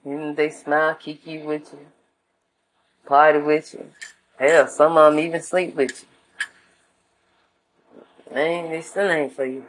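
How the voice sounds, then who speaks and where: A woman's voice: low-pitched, fairly even intonation, measured pace, long pauses, slight background noise, low-quality recording. A woman talking in a laid-back, slangy casual monologue, giving life advice to her viewers. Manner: laid-back and slangy, acts out voices in anecdotes.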